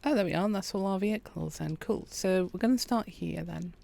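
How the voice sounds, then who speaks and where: Calm woman streamer, slight gravel. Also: mid-range voice, fairly quick. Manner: quiet, relaxed, chats with viewers. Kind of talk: calm gameplay commentary.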